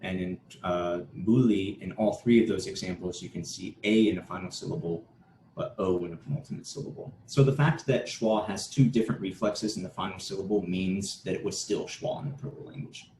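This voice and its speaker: Speaking fairly quickly, a man with a deep, warm voice presents at an academic conference. He explains things steadily, sometimes starting a word over. The recording carries room echo and faint noise.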